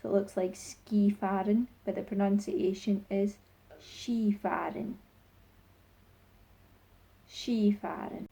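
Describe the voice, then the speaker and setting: A woman teaching a language lesson, saying each new word slowly and repeating it three times. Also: mid-range voice, little pitch movement, mellow. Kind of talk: slow, clear language lesson.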